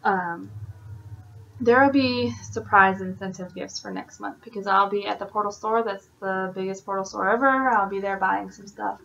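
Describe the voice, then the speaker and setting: A woman's voice: mid-range voice, moderate pace, vocal fry, fairly bright tone, muffled recording, a little hiss or hum. A woman, an independent sales consultant, giving her team a casual, encouraging update with lots of fillers. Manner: chatty, encouraging, many fillers.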